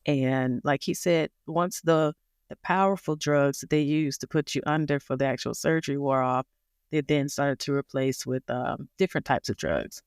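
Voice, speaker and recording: A woman as a podcast guest, telling a personal story in a casual, animated way and laughing along the way. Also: rumbling low, moderate pace, clean tone, no room sound, studio quality.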